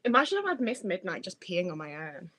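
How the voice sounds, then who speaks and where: A woman's voice: on the low side, very animated, quick pace, a bit bright, breathy edge, dry recording. A young woman with a Northwest English accent, chatting casually and self-mockingly with viewers from her home, with plenty of swearing. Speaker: streamer. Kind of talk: casual livestream chat with viewers.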